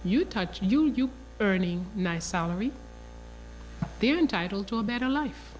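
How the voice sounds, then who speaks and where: An older woman lecturing in an animated, emphatic storytelling style. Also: medium pitch, measured pace, slight background noise. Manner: animated, emphatic, acts out quoted dialogue.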